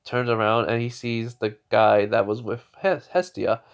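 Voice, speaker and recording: A young man telling an improvised fan-fiction story in a halting way, with many restarts and fillers. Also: on the low side, steady tone, smooth. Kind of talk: casual improvised story narration.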